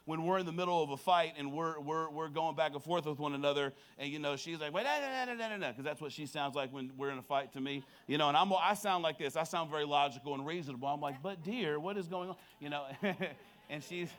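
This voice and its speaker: A man's voice: on the high side, steady tone, fast talker, a bit bright. A man preaching a sermon as pastor, moving from prayer to humorous stories to impassioned preaching.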